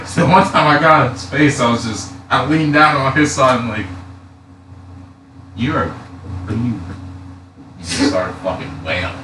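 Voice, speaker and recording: A man's voice: medium pitch, bright, forceful tone. A man in his twenties chatting casually on a live stream, telling stories with lots of swearing and laughter. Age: 20s. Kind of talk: casual chat. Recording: echoey room, far from mic, noisy.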